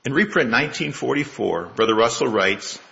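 A man in his sixties delivers a sermon in a gravelly, bright, somewhat forceful voice. He paces his points carefully and builds them through rhetorical questions. The recording is slightly dull and lo-fi. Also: mid-range voice, lively intonation, a little fast, slight background noise. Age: 60s. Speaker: lay preacher.

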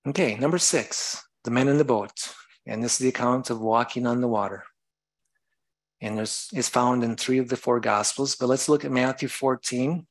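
A man's voice: medium pitch, rough recording. A man preaching a sermon, reading scripture aloud and explaining it, sometimes stopping to correct himself.

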